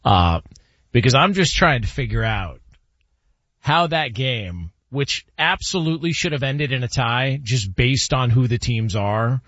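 A man's voice: medium pitch, a little slow, dry recording, muffled recording. A man hosting a casual sports talk show, questioning and sounding baffled. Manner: perplexed, animated questioning with laughs.

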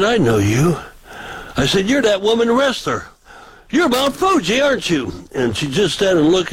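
A husky, medium-pitched male voice on a rough recording: an older street preacher chatting casually, telling folksy stories and restarting many times as he rambles.

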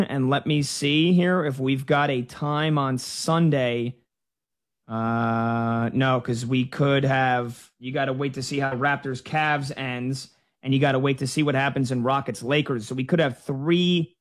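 A man hosting a live sports talk show, excitedly relaying scores and rambling through game schedules. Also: mid-range voice, unhurried.

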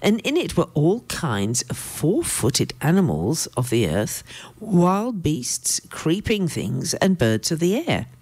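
A woman preacher with a low voice reads scripture and comments in a lively, swinging tone. She speaks with emphatic asides, recorded close and dry. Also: takes it slowly, husky, no room sound. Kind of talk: sermon with Bible reading.

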